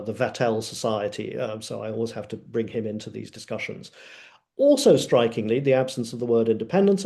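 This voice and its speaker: A man's voice: mid-range voice, warm tone. A man speaking as a panelist in an academic webinar, lecturing emphatically with frequent filler sounds.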